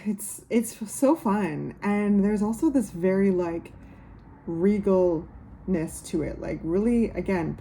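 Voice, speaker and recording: A woman giving a casual tarot reading to camera. She muses unhurriedly, uses many fillers and speaks warmly to her viewers. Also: medium pitch, gravelly, slight background noise. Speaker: tarot reader.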